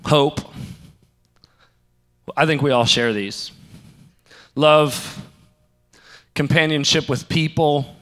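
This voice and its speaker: A young man preaching a sermon, telling a story in a lively way and acting out the other people's lines. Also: a little high, slow, long pauses, big-room sound. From St. Louis area. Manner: animated, acts out quoted voices. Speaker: pastor.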